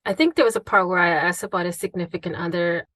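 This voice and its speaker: A woman's voice: lowish voice, fast, a bit bright, no room sound. Earnest woman podcast host, dry sound. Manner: earnest, heartfelt and reflective. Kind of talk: true-crime podcast interview.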